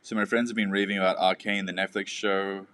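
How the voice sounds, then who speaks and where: Give me a fast, low-voiced man in casual chat. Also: level tone, pushed and bright, slight background noise. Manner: quick, offhand, blunt, swears casually. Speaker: co-host of a live movie chat stream.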